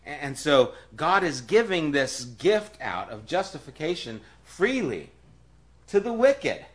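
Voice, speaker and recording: A man preaching a sermon as pastor, emphatic and repeating key phrases, often dropping to a hushed, near-whispered voice. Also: on the high side, big pitch swings, a little slow.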